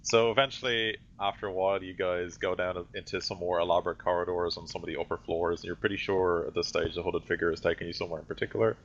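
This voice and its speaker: A man with a very low voice narrates a tabletop game as game master. He meanders through the scene with frequent fillers and restarts. The voice-chat audio is dull and lo-fi, with a faint hiss. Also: flat delivery, fast, hardly any pauses. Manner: rambling description full of fillers and self-corrections.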